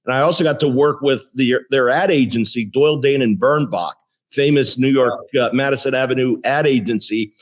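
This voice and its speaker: A man in his sixties, a company CEO, telling career stories in a relaxed interview, with frequent restarts and fillers. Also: medium pitch, brisk. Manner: animated storyteller with many restarts. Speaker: guest, tech company CEO. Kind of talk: casual interview storytelling.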